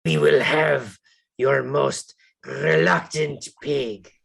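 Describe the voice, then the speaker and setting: Deadpan tabletop player: heavy gravel in the voice, slow, formal in-character lines. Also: mid-range voice. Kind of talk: tabletop role-play in character.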